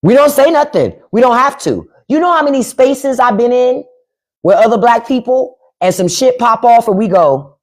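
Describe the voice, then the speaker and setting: Animated, profane woman riffing on a livestream. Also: a little high, normal speed. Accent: African American English. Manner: animated, profane, acts out quoted voices. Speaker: podcast host. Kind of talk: casual comedic commentary on a livestream. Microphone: phone or desk mic on a livestream.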